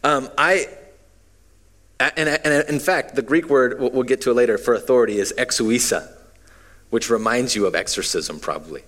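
A man in his thirties preaching a relaxed, conversational sermon with stories and frequent fillers. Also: medium pitch, moderate pace. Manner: casual, self-deprecating, frequent fillers. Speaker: pastor. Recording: long hall reverb.

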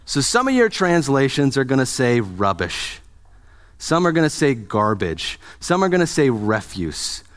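A man's voice: medium pitch, big pitch swings, unhurried. A man preaching a sermon as a pastor, in a conversational, joking way, asking his congregation questions.

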